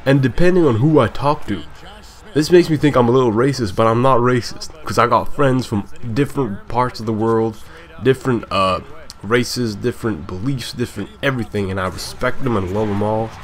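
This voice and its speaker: A man's voice: medium pitch, a little fast. A young man from Scotland with a hybrid British-African accent, rambling through casual commentary over a basketball video game. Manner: rambling, chatty, self-deprecating. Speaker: gaming YouTuber.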